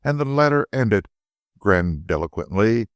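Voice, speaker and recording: A man narrating a classic mystery novel as an audiobook in an expressive storytelling manner. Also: fairly low pitch, measured pace, no room sound.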